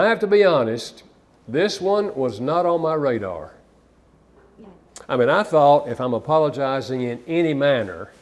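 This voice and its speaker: A man's voice: mid-range voice, a little mellow. A man counselor giving a live seminar talk to an audience, conversational and anecdotal, with occasional restarts. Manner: conversational, storytelling, some repeated restarts.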